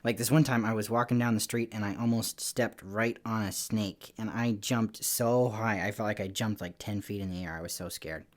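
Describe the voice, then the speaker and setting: A man giving a lively children's church lesson, telling stories in an animated, playful way with little voices. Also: on the low side, normal speed, few pauses. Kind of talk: lively kids' lesson talk.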